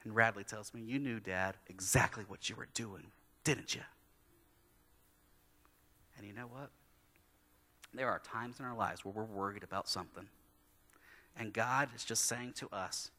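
Bright-voiced man preaching in a hall. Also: on the low side, unhurried, long pauses. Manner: animated storytelling, acting out his kids' voices. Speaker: pastor. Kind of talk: sermon with personal story. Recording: long hall reverb.

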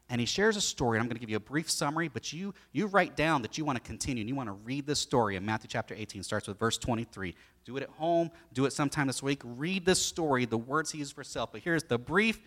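Animated male pastor preaching. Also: mid-range voice. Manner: animated, acts out the story in voices. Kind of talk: sermon.

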